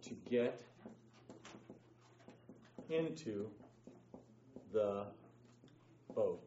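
A man's voice: lowish voice, lively intonation, extremely slow, mellow, a little hiss or hum. A man leading an interactive Bible lesson, speaking emphatically, quizzing his class and often checking in with "okay?". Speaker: Bible study teacher. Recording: echoey room, distant dull mic.

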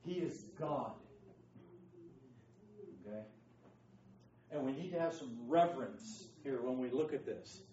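A man's voice: mid-range voice, animated, measured pace, long pauses, mellow, slight background noise. Emphatic man teaching a Bible class. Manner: emphatic, quizzes the class, keeps asking okay. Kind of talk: interactive Bible lesson. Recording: echoey room, distant dull mic.

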